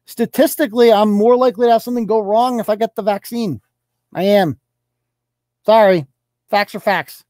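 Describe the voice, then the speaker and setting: A man's voice: high voice, moderate pace, pauses often, a little mellow, no echo, clean studio sound. A man hosting a podcast, ranting about social media posts in a blunt, sarcastic and profane way. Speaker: podcast host.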